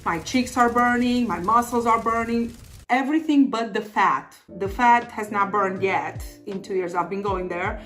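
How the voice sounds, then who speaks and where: A woman in her thirties telling a story to camera in a lively, dramatic way. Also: medium pitch, normal speed, soft background music. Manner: animated, dramatic voices for quoted people.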